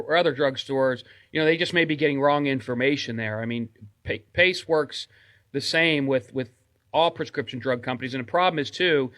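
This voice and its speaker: A man hosting a call-in radio show about insurance, speaking haltingly with many restarts. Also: fairly high pitch, fairly bright tone, no room sound. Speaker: radio host, insurance agent.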